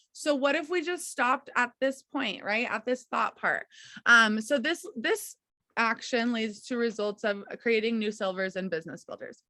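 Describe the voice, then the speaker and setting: A young woman coaches her team over a video call, upbeat and encouraging, checking in often with her listeners. Her voice sits a little high and sounds crisp and bright. The sound is dry and close, with no room around it. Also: no room sound. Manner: encouraging, chatty, many fillers and "okay, you guys".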